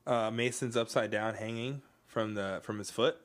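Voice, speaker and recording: A man's voice: on the low side, steady tone, moderate pace. A young man co-hosting a casual podcast chat, laid-back and giggly. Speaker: podcast co-host.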